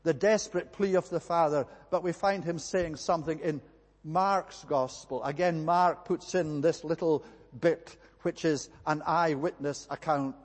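A man preaching with earnest, emphatic repetition, his voice sitting a little high. His words ring out with a long reverb, like a church hall. He delivers a sermon to a congregation. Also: fairly even intonation, measured pace.

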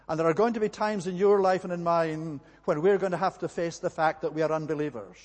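A man's voice: on the high side, a little mellow. A man preaching a sermon earnestly, with emphatic repetition. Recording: long hall reverb.

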